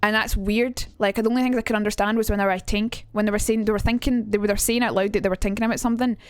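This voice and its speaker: A woman's voice: medium pitch, steady tone, very fast, clear, resonant tone, no room sound. A woman streamer chatting casually and rambling as she reacts to her chat during a live stream, speaking into a streaming mic.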